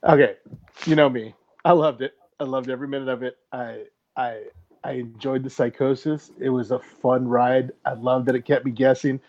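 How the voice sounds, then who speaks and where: A man's voice: medium pitch, steady tone, moderate pace, darkish tone. A man co-hosting a podcast, chatting casually and enthusiastically with jokes. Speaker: podcast co-host. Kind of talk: casual chat. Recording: dull lo-fi audio.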